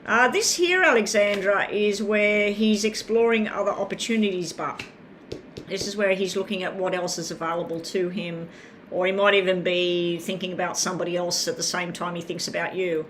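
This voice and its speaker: A tarot reader gives live readings, talking in a chatty, rambling way and calling viewers by name. Her voice is on the low side and a bit bright, with fairly even intonation, a moderate pace, and slight background noise.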